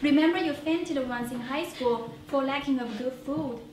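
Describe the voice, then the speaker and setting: A tender, apologetic mother, as a woman voices her, gentle and heartfelt with a high pitch. The sound rings through a roomy theater from a far-off mic with faint hiss. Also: normal speed, natural voice. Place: small theater stage.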